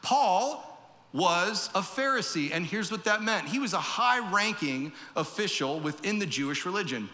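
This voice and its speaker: High, bright-voiced man preaching. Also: expressive, moderate pace, long reverb tail. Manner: conversational, acts out quoted voices. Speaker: pastor. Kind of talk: sermon. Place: church.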